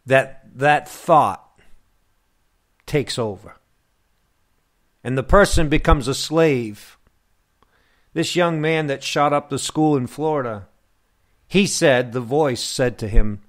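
A man preaching a sermon to his listeners, slow and emphatic, with long pauses. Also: medium pitch, expressive, fairly bright tone. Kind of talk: radio sermon.

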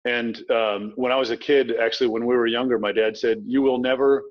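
A middle-aged man from Virginia, an author talking casually as an interview guest, quick and anecdotal with frequent restarts. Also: medium pitch, flat delivery. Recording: dull lo-fi sound.

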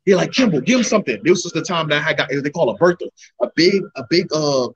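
Young male fighter guest, quick animated storyteller, slightly high voice. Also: muffled recording, a little hiss or hum. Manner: animated storyteller, acts out his coaches' lines. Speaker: MMA heavyweight fighter, guest. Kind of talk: casual storytelling interview.

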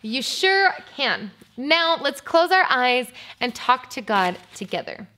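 A woman teaching a preschool Bible lesson, speaking to little children in an animated, sing-song way. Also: high-pitched, slow pace, hardly any pauses.

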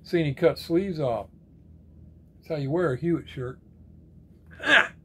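Man, casual rambling chat, reading out viewer comments, slightly high voice, easygoing. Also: normal speed, dark tone, husky. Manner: laid-back, rambling, reads comment names then answers; repeats friendly sign-offs like "right on, brother". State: sore arm and shoulder.

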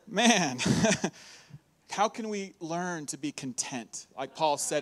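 A high-pitched male pastor delivers a lively church sermon, upbeat and animated. He laughs often between his points and leans into the congregation. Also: takes it slowly. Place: church hall.

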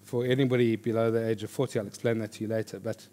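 A man teaching a church class on reading the Bible, in a lively, joking conversational way. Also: on the low side, racing. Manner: animated, jokey, with lively quoted voices. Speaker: pastor teaching a Bible course. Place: church hall before an audience.

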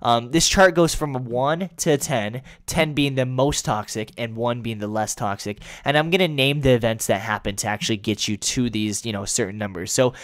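A young male YouTuber riffing in crude, sarcastic commentary at a middle pitch. He swears freely and bursts into loud mock voices. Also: moderate pace, few pauses. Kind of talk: comedic commentary.

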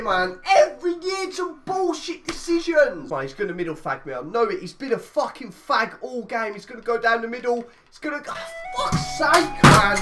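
A woman's voice: sits high, distant mic. A woman in a gaming rage, bitter, moaning and swearing. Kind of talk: raging gaming rant.

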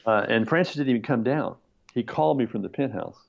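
A man's voice: mid-range voice, fast talker, gravelly, lo-fi sound. A man telling a long anecdote as a screenwriter guest in a conversational interview, acting out the voices of people he quotes. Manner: animated storyteller, acts out quoted voices, laughs often.

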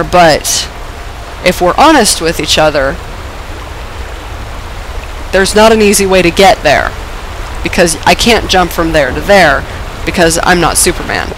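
A woman commenting on her gameplay, her voice lowered and rough from being sick with a dry cough; excitable, swearing and laughing at herself. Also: slight background noise, poor audio. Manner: excitable, swears and laughs often, self-mocking. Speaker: let's play gamer.

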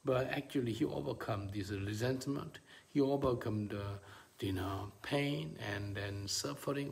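A man preaching a sermon, his voice gravelly with fry at the bottom. His English is halting and non-native, with plenty of fillers. He swings between quiet low murmurs and sudden high, ringing peaks of emphasis.

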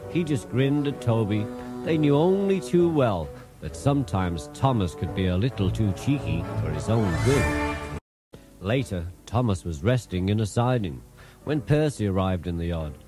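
Man reading a kids' storybook, lively up and down voice, music playing under it. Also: lowish voice, moderate pace. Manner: expressive, animated storytelling. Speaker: narrator. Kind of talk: storybook narration.

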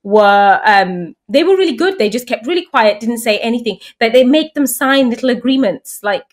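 At a normal speed and with a voice on the high side, a thirty-something English guest shares stories in an easygoing conversation. When she quotes people, she acts out their voices with lots of animation.

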